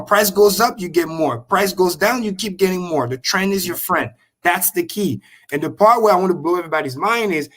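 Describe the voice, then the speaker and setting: A man on a video call explaining crypto with excitable, profane energy and repeating key points slowly for emphasis. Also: fairly high pitch. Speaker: crypto show guest. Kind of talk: animated livestream explanation.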